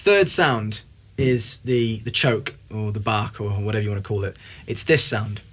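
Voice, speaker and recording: A man's voice: fairly low pitch, moderate pace, faint music behind. A young man giving a casual, upbeat drum lesson, talking between demonstrations at the kit. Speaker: drum teacher. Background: drum kit playing.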